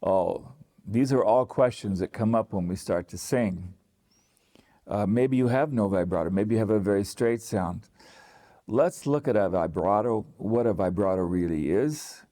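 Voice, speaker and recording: A man's voice: on the low side, unhurried. Man explaining singing technique. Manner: relaxed, thinking aloud with restarts and sung demonstrations. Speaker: singing teacher. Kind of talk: explaining to camera.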